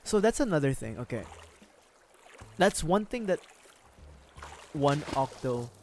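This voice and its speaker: A man's voice: fairly high pitch, sing-song, measured pace, darkish tone, a little hiss or hum. A man from the Philippines chatting casually with viewers on a gaming livestream, laughing often and swearing freely as he rambles.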